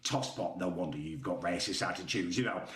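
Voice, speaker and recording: A man's voice: deep voice, fast, a bit bright, distant mic. A man talking to the camera as a YouTuber, sarcastic and exasperated in his indignant commentary. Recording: roomy echo.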